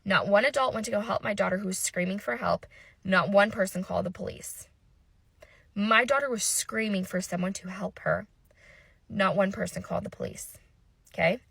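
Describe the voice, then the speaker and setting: A woman in her thirties tells a frightening family story straight into a close phone mic. Her mid-pitched voice has a gravelly fry to it, and the sound is dry and close, with no room around it. She rushes through the quoted dialogue with tense, breathless urgency. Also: fairly bright tone, dry recording. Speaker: mother telling a personal story. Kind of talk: emotional storytime monologue.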